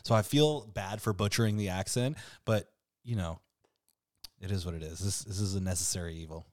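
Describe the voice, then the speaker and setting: A man hosting a loose podcast chat, animated and quick to swear. His voice sits mid-range. The sound is dry with no room echo. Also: low voice. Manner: animated storyteller, swears freely. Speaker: podcast host. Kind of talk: casual chat.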